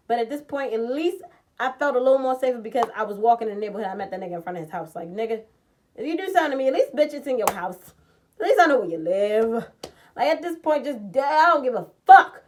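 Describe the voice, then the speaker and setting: A woman vlogger telling a personal story in a blunt, profane, animated way, jumping from loud outbursts to low muttering. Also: fast, slight background noise. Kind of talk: casual storytime vlog.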